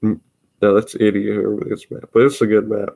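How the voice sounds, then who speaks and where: A man's voice: on the low side, level tone, a little fast, creaky, mellow. A young man with an Upper Midwest accent, rambling in a casual solo vlog, drawing out his vowels and repeating words. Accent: Upper Midwest American. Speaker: vlogger.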